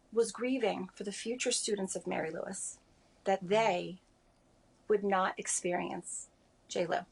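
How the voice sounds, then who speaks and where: A grieving woman in her forties giving a remote interview over a video call, speaking softly and haltingly with many pauses. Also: fairly low pitch, creaky, husky. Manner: halting, soft-spoken, many pauses and fillers. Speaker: interview guest.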